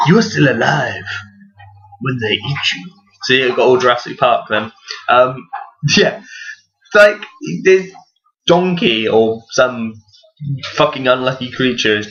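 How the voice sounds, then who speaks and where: A man's voice: mid-range voice, sharp tone. A man vlogging in a casual rambling monologue. He swears freely and often laughs at his own jokes. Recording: dull lo-fi recording.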